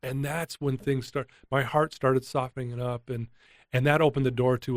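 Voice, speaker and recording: A man's voice: medium pitch, normal speed, no echo, studio quality. Earnest man telling a heartfelt story. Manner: earnest, emotional, animated retelling. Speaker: guest, addiction recovery coach. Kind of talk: candid storytelling interview.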